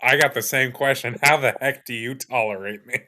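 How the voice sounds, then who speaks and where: A man's voice: medium pitch, a little fast, pushed and bright. A man chatting on a podcast, joking and laughing often. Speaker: podcast guest. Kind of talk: casual chat with playful put-on formal voice.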